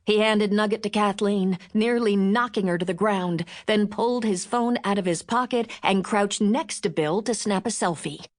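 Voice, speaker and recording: A woman narrating a novel in measured, expressive storytelling. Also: medium pitch. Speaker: audiobook narrator. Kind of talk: scripted audiobook narration.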